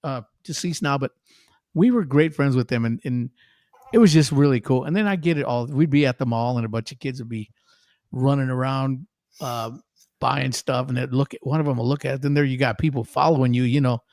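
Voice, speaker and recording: A man's voice: medium pitch, a little fast, no echo, studio quality. A middle-aged man, a guest musician, telling stories in casual chat and acting out other people's lines in a raised voice. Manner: animated, acts out quotes in a raised voice.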